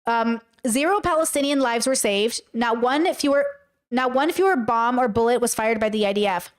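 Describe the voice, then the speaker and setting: A streamer reacting to a video, this woman reads a text aloud at normal speed and responds with emotional exclamations, now and then tearful. Her voice sits on the high side.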